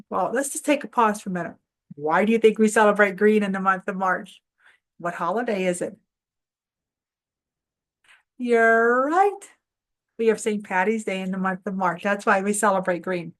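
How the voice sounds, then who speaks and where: A woman's voice: medium pitch, a little slow. A woman hosting a preschool phonics lesson, encouraging children to repeat after her and speaking to parents. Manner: encouraging, sing-song call-and-response. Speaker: preschool teacher and show host.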